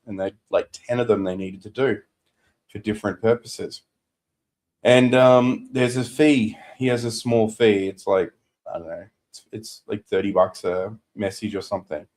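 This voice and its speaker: A man's voice: fairly low pitch, normal speed, a little mellow. A man, co-hosting a business podcast, telling a client story in casual chat and acting out what people said.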